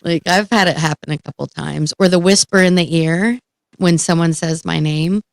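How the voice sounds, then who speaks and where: A woman with a low voice and a gravelly fry, chatting casually on a live stream. She talks in halting bursts, leaning on "like" and "you know." The sound is close and dry. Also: no echo. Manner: halting, filler-heavy, breathless storytelling. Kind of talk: casual chat.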